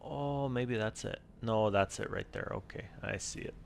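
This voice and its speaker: A man streaming a game and chatting casually in quiet, mumbled asides to himself. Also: on the low side, normal speed, gravelly, a little hiss or hum. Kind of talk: casual gameplay chat.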